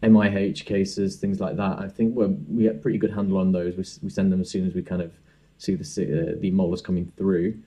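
A man's voice: low-pitched, little pitch movement, brisk, mellow. A young man, a dentist, hosting a casual podcast interview and talking with many fillers and restarts. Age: young adult.

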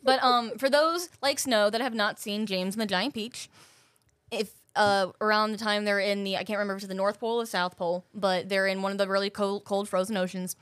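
A woman's voice: medium pitch, a bit bright, no room sound. A woman co-hosting a casual podcast, chatty and swearing freely as she shares movie trivia. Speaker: podcast co-host. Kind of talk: casual chat.

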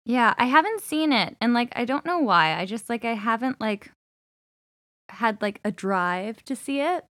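A woman from Canada with a fairly high voice rambles casually as a podcast co-host. She leans on "like" constantly, and the recording is dry and close. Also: animated, unhurried, a bit bright, dry recording. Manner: rambling, heavy use of "like", acts out quotes. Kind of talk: casual chat about musicals.

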